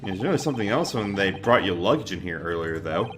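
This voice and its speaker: Man reading as a jumpy young student, stammering, flustered, pitch that jumps around. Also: animated, fast talker, background noise. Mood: worried.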